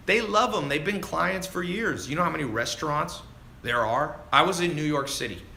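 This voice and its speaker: A man coaching viewers on a casual livestream, animated and chatty, calling people dude and man as he answers their questions. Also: a little high, normal speed, gravelly, slight background noise. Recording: roomy echo with faint ambience.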